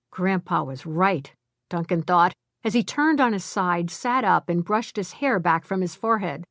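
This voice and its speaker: A woman narrating a novel in an even, measured storytelling voice. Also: on the low side, no room sound, clean studio sound. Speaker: audiobook narrator.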